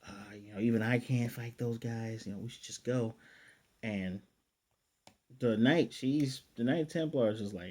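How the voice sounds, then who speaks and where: A man's voice: mid-range voice, unhurried, warm tone. A man casually recapping an anime episode, retelling scenes in paraphrased dialogue with chatty, self-correcting asides. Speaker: anime reviewer.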